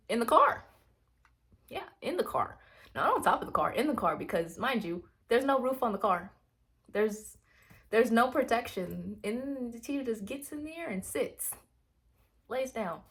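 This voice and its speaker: A woman vlogger casually telling a rambling personal story, acting out her own reactions in hushed asides. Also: a little high. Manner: animated, rambling, quotes herself in hushed asides.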